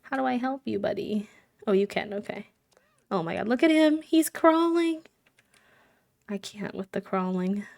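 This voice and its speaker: A woman's voice: mid-range voice, expressive, normal speed, creaky, darkish tone. A woman live-streaming a game, chatting casually, giggling and cooing fondly at the characters. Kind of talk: casual chat while playing a life-sim game.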